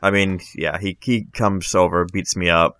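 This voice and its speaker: A man in a casual podcast chat who makes joking, deadpan asides. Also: sits low, normal speed, no room sound. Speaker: podcast co-host.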